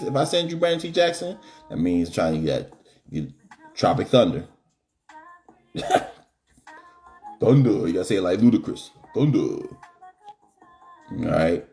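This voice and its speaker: A man's voice: on the low side, a little mellow. A middle-aged man hosting a live stream, joking in slangy casual chat.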